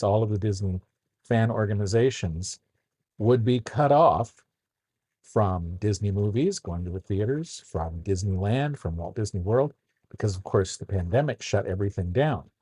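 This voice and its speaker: A man recalling his blog's history on a podcast in a measured, reflective way. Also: lowish voice, lively intonation, dark tone, husky, no room sound, studio quality. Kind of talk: podcast recollection.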